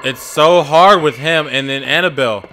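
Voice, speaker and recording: A man's voice: fairly high pitch, normal speed, pushed and bright, slight background noise. A man playing a horror game while commenting on it, muttering, swearing and breaking into frantic outbursts. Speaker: gaming YouTuber.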